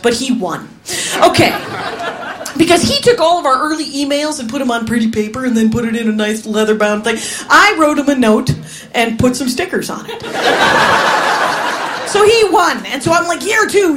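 A high-voiced woman from Wisconsin does stand-up, her pitch leaping around as she tells family stories. She laughs through her own punchlines, over a clear layer of background noise. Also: a bit bright. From Wisconsin, USA. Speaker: stand-up comedian. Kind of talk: stand-up comedy storytelling.

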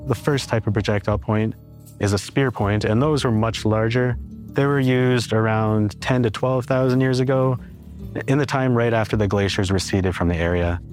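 A man's voice: medium pitch, moderate pace, darkish tone, faint music behind. A man explaining in a documentary interview, patient and methodical, often linking points with "and so".

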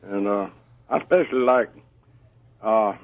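A man calling a radio show, friendly and unhurried, laughing often, heard over a tinny phone line. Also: lowish voice, dry recording. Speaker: radio caller.

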